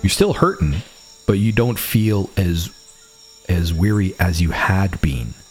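A man narrating as game master at a tabletop game, in a relaxed, conversational way. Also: low-pitched, slow pace, soft background music.

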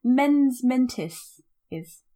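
She speaks extremely slowly in a high, animated voice with a dark tone. As a podcast co-host, she chats casually about a book in a book-club style, rambling with plenty of fillers and asides.

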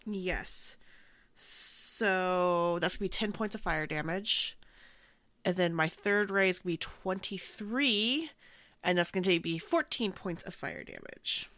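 A woman's voice: fairly low pitch, fairly bright tone. A woman playing in a tabletop game, calling out rolls and damage, murmuring while she looks things up. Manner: brisk dice numbers, mumbles while looking things up. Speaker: player.

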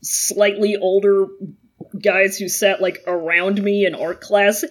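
A woman's voice: medium pitch, slow. A woman chatting casually and telling a school anecdote, laughing often between lines. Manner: laughing often, animated storytelling.

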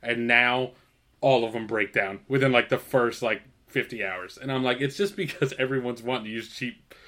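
A man's voice: mid-range voice, normal speed, fairly bright tone. A man in his thirties co-hosting a podcast, ranting profanely about everyday annoyances and laughing often. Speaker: podcast co-host. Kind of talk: casual chat.

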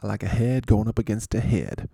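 A man's voice: on the low side, fairly quick, vocal fry, warm tone, slightly rough, dry recording, clean studio sound. A man hosting a fantasy football show in a casual, rambling, joking way, full of playful asides. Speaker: fantasy football podcast host. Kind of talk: casual comedic sports chat.

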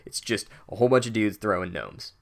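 A man's voice: on the low side, lively intonation, a little fast, gravelly. A man giving a sarcastic, profane chapter recap, full of filler words. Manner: sardonic, profane, filler-heavy. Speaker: book reviewer.

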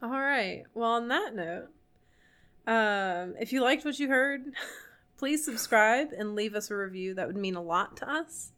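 A young woman co-hosting a podcast, rambling through an animated story full of fillers in casual chat. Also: on the high side, measured pace. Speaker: podcast co-host.

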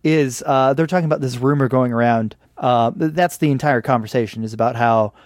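A man's voice: medium pitch, no room sound, clean studio sound. A man co-hosting a casual podcast, joking and retelling scenes while acting out quoted lines. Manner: joking, acts out quotes in quick voices. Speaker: podcast co-host. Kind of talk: casual chat.

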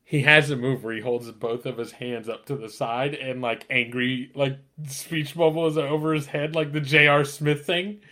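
A man's voice: medium pitch, fairly even intonation, normal speed, few pauses, sharp tone. Blunt, laughing man in sports chat. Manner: laughing, profane, blunt opinions.

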